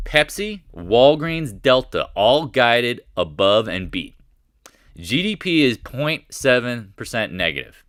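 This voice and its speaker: A middle-aged man hosting live market commentary, talking in an animated way, thinking out loud and firing rhetorical questions as he watches prices move. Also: medium pitch, dry recording, clean studio sound.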